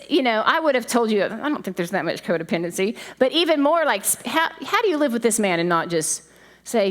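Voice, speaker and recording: Middle-aged female preacher, conversational sermon, high voice with a wide, lively pitch range. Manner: animated, conversational, laughing asides. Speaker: pastor's wife preaching.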